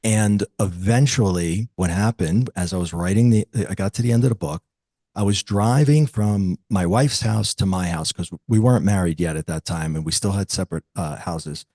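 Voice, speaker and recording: A man in his fifties, a metaphysical teacher, telling a personal story as an interview guest, reflective and lively when he quotes others. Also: low-pitched, moderate pace, no echo.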